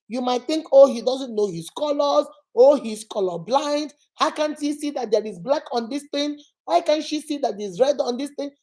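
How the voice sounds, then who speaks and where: Emphatic high-voiced woman giving marriage advice. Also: dark tone. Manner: emphatic, repetitive, dramatic acted-out quotes. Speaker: relationship advice host. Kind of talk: motivational talk to camera.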